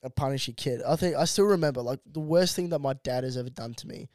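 A man's voice: mid-range voice, fast talker, a little mellow, no room sound, studio quality. A man in his twenties, a podcast co-host, chatting loosely and swearing freely. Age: 20s. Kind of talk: casual chat.

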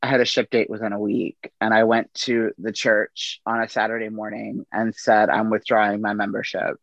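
A middle-aged man, a podcast guest, telling personal stories in a relaxed, casual way, acting out the people he quotes. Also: fairly low pitch, normal speed, creaky, no room sound, dull audio. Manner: relaxed anecdotal delivery with quoted dialogue. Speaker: podcast guest, army veteran. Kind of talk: casual storytelling.

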